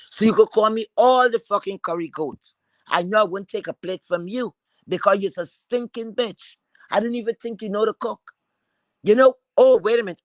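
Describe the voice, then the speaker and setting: High-voiced man ranting angrily. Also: no echo, rough recording. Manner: insulting, repetitive, confrontational. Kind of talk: heated profane rant.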